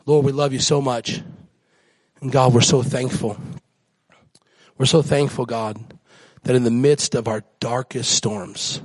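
A man preaching a sermon as guest pastor, climbing to excited high peaks and dropping to soft near-whispers. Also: unhurried, no room sound.

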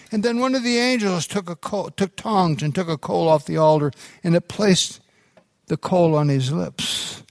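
A middle-aged pastor preaching a sermon, his voice sitting a bit higher than most men's. He moves slowly and deliberately through his stories, circling back on himself now and then. The recording is dry and close, with little room sound. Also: no room sound. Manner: unhurried storytelling delivery with restarts.

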